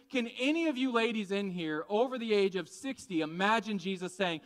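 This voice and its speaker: A man preaching a conversational, animated sermon, often asking the congregation questions. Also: high-pitched, moderate pace, hardly any pauses. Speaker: pastor.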